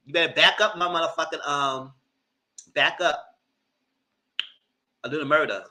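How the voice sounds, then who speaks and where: A man giving live commentary on a reality TV show, animated and cussing, mocking the people in it. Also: on the high side, moderate pace, rough recording. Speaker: reality TV reviewer.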